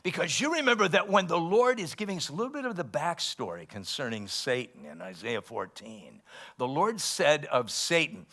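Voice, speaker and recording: Man, pastor, sermon, gravelly, bright tense tone, animated preaching. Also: medium pitch, fairly quick. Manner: animated preaching, rising loud for quoted scripture.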